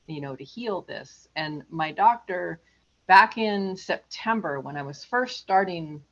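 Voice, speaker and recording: A woman guest in an interview, speaking calmly and reflectively in casual chat. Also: on the low side, measured pace, muffled recording.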